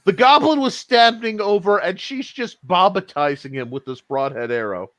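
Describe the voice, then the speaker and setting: A man running a tabletop game as game master, animated and laughing as he narrates. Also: high-pitched, dry recording. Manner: animated, laughing, jumps between narration and quick voices.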